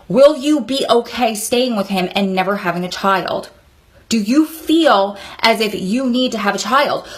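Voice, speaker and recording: A woman in her thirties giving heartfelt, emphatic advice straight to her viewers in a vlog. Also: a little high. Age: 30s. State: sweaty, hot room. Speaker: vlogger. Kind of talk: emotional advice monologue.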